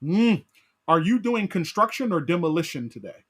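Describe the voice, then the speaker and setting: Animated pastor teaching Bible study. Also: male voice, sits high, normal speed, husky. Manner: animated, repeats "right?" and questions to the class.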